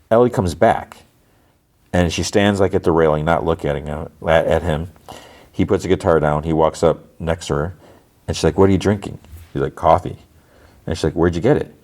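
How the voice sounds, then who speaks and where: Man, very low voice, casual episode recap, quoting characters in a higher voice. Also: darkish tone. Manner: retells scenes with quoted lines, rising higher for quoted characters. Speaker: podcast host.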